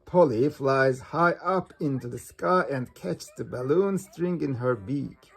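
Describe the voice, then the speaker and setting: A reader narrating a children's picture book aloud in a slow, even way. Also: mid-range voice, vocal fry, husky. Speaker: storybook reader. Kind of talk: storybook read-aloud.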